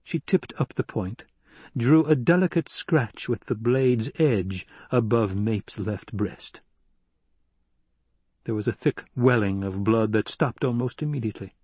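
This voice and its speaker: Brief: male narrator, mid pitch, husky, measured storytelling, dry close sound. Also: a little mellow, no echo. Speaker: audiobook narrator. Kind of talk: scripted narration.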